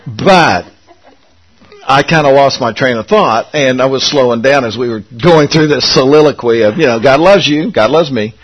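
Husky pastor praying and telling stories. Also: male voice, medium pitch, rough recording. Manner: halting, folksy storytelling with restarts. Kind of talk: sermon and prayer.

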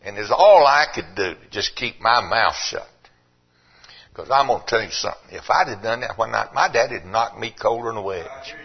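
Husky older preacher man. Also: lively intonation, normal speed, highs cut off. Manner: fervent preaching that swings from low and quiet to loud and emphatic. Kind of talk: sermon.

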